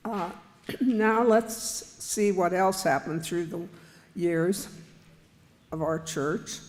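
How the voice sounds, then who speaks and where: A man with a fairly high voice hosts a church anniversary program. He speaks slowly and deliberately as he introduces the next speaker. His voice carries through a hall with long reverb. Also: darkish tone. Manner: measured and plain, introducing speakers. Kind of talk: emceeing a church event. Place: church sanctuary.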